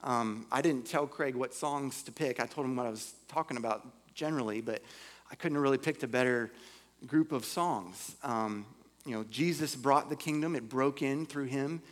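A man's voice: mid-range voice, normal speed. Man preaching and reading scripture aloud. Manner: reads scripture aloud, then explains it in plain conversational terms; casual fillers between passages. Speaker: pastor.

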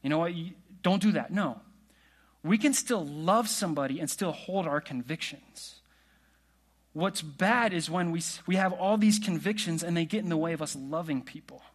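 A man preaching a sermon in a relaxed, conversational way, asking the congregation questions. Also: fairly high pitch, moderate pace. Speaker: pastor.

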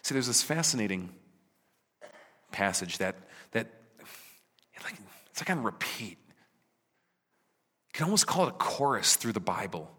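A man preaches at an unhurried pace, pausing over his words. He throws rhetorical questions at his listeners and acts out God's replies, sometimes dropping almost to a whisper. His voice carries a long echo, as in a large hall. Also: fairly low pitch, big pitch swings, breathy edge. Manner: rhetorical questions, dramatic voicing of God, drops to hushed near-whispers. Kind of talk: sermon. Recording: reverberant hall.

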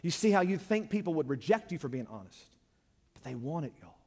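A man preaching as a pastor, plain-spoken and direct, his delivery swinging between loud emphatic lines and hushed ones. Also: a little high, big pitch swings, a little fast. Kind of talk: sermon. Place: church. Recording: long reverb of a church hall.

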